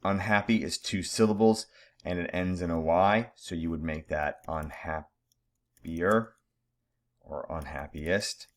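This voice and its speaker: A man with a very low voice teaches a recorded grammar lesson. He talks to his students in a casual, direct way. He laughs off his own typos as he goes. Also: takes it slowly.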